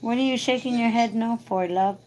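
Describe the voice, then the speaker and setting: A woman's voice: a little high, a little fast, a little mellow, slight background noise. A woman hosting a casual live stream, coaxing and doting as she talks to a man beside her.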